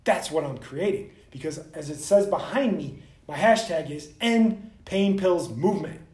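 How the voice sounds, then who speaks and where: A man's voice: on the high side, expressive, moderate pace, a little mellow. Blunt, profane man in an echoey room. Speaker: soft tissue clinician and vlog host. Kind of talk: ranting direct-to-camera vlog.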